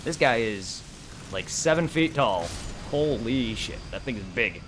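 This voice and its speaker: A young man streaming a game, chatting casually in a rambling, excitable way and swearing a lot. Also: medium pitch, measured pace, noisy background. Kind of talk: casual gameplay commentary.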